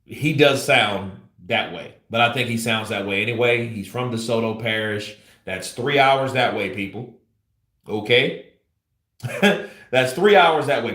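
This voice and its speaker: A man's voice: lowish voice, a bit bright. Rambling, blunt male commentator. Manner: rambling, filler-heavy, blunt. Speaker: boxing commentator. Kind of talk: casual commentary. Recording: roomy echo.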